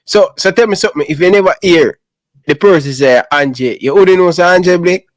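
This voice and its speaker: A Jamaican man hosting a livestream, chatting in a relaxed, patois-heavy way. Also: sits high, a little fast, no room sound, rough recording. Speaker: livestream host. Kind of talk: casual livestream chat.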